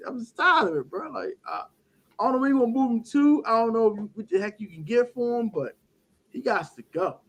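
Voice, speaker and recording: Animated high-voiced man ranting about football. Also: moderate pace. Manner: animated, laughing, acts out quotes in a put-on voice. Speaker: podcast co-host. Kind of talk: casual sports chat.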